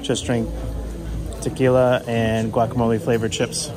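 A man's voice: medium pitch, level tone, unhurried, over music. A man hosting a travel vlog in casual chat to camera, joking and bantering, recorded outdoors in a city at night.

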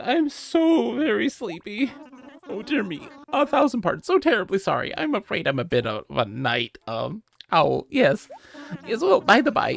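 A high, hooting voice for a fussy male owl curator in a video game, wildly lively in its swoops, rambling on with overly polite, old-fashioned manners, as a woman puts him on. He sounds slightly gravelly underneath the squeaks. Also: full character voice.

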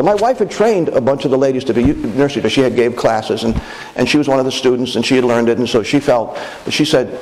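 A man preaching a sermon as pastor, animated, acting out quoted voices with chuckles. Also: medium pitch, a little fast, poor audio.

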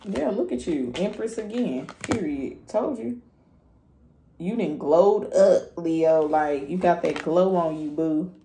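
A woman's voice: on the low side, slow, dark tone, echoey room, a little hiss or hum. A woman giving a casual tarot reading, blunt and profane, talking straight to her viewers. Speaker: tarot reader.

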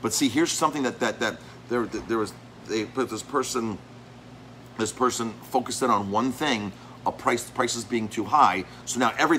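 Bright-voiced man ranting casually. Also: mid-range voice, a little hiss or hum, poor audio. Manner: rambling, with many restarts and repeated words. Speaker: restaurant owner and chef. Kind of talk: casual talk to camera.

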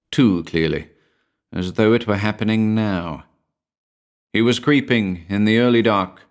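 A man giving a measured, brooding scripted narration of a horror story. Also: sits low.

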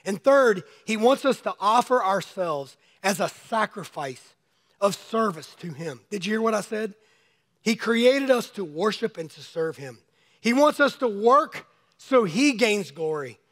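A male pastor with a high, fairly bright voice gives a sermon in a church sanctuary, speaking expressively and a little slowly. His voice is going, leaving it slightly hoarse, and his conversational style has him calling on congregants by name.

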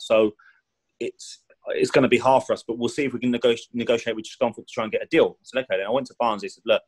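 In poor audio, a man with a mid-range, slightly breathy voice sits as a podcast guest, a former professional footballer wandering chattily through his playing days. He likes to add "do you know what I mean" and performs quoted lines with a raised voice in this casual storytelling interview.

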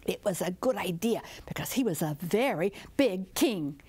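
A woman storyteller and author telling a folktale in a rhythmic, drawn-out way, dropping into dramatic whispers. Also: medium pitch, expressive, a little mellow, slightly rough.

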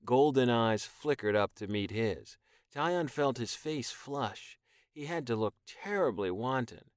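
A man reading an audiobook in even, measured scripted narration. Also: mid-range voice, no echo, clean studio sound.

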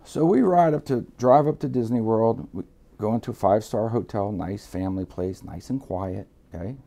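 With a low, gravelly voice at a moderate pace, this middle-aged man from Miami tells an interviewer a casual story. His style is streetwise and full of profanity, and he brings the characters to life by voicing them animatedly.

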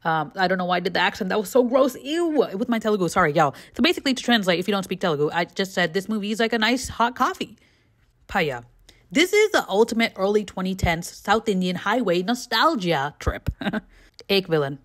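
A young woman talks straight to camera in a casual vlog, giving one quick, candid movie verdict after another. Her voice sits at an ordinary middle pitch. She peppers her opinions with "like" and "you know" and breaks into giggles between titles. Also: animated. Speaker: vlogger reviewing movies. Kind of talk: casual rapid-fire movie review chat.

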